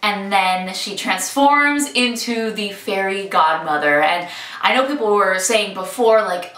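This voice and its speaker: Woman, chatty enthusiastic reviewer, bright tone, roomy echo, mic set back. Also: mid-range voice, unhurried. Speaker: film reviewer. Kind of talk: casual video review. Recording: echoey room, mic at some distance.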